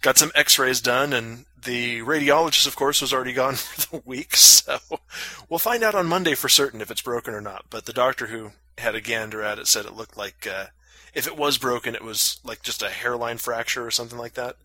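A man's voice: medium pitch, fairly quick, pushed and bright, no echo. A man casually telling a long story on a podcast, full of fillers and crude jokes. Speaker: podcast co-host.

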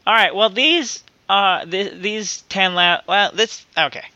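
A man's voice: high-pitched, unhurried, sharp tone, no room sound, lo-fi sound. A man co-hosting a podcast in casual comedic chat, laughing often and reading jokes out. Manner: giggly, reads out jokes. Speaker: podcast co-host.

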